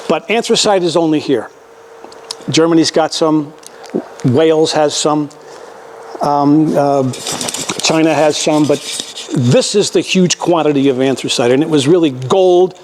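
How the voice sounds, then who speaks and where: A man's voice: fairly high pitch, a little mellow. An older man giving a folksy, conversational public history lecture to an audience, with many restarts and repetitions.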